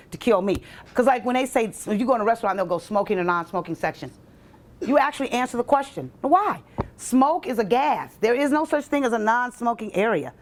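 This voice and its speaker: A woman comedian performing a stand-up set at a college event, talking straight to the crowd and switching into quoted voices. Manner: animated, jumps into quoted voices with sharp pitch leaps; banters directly with audience members. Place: college event stage before a live audience.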